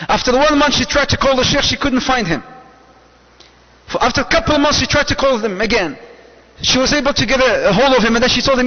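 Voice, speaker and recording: High-voiced preacher in an echoey hall. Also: male voice, fast. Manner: lively, mixes Arabic phrases into English. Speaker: Islamic preacher. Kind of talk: lecture to a live audience. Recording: dull, echoey hall sound.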